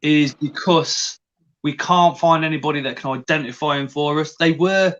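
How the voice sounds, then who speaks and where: A man with a fairly high voice hosts a casual livestream, greeting viewers in the chat. He talks in a hesitant way and often restarts his sentences. The audio is a little muffled. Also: normal speed, fairly bright tone. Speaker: livestream host.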